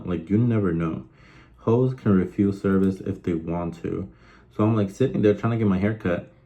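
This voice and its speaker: A man's voice: low voice, a little mellow, muffled recording. A young man hosting a casual chat show, rambling through stories with lots of fillers and swearing. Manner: rambling, profane, filler-heavy storytelling. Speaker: host.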